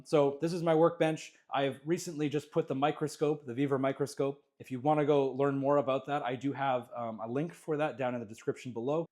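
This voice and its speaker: A man from Canada walks through his small home jewellery workshop and talks as he goes. His voice sits in an everyday middle range. He rambles, restarts and fills the gaps with "uh" and "um". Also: mid-range voice. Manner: relaxed, rambling, many fillers and restarts. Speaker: jewellery maker giving a studio tour. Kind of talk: casual walkthrough vlog.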